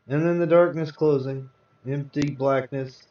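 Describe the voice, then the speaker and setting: A man's voice: medium pitch, moderate pace. A man hosting a live show, reading comic book tales aloud with dramatic storytelling. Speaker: host and reader. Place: virtual-world live event. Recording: roomy, distant, dull sound.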